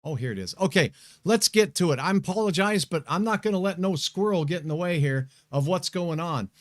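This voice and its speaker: A middle-aged weatherman from Montana talks casually on a live stream in a fairly high voice. He is folksy and chatty, and he bursts into excited shout-outs to viewers. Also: brisk. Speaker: weather show host, meteorologist.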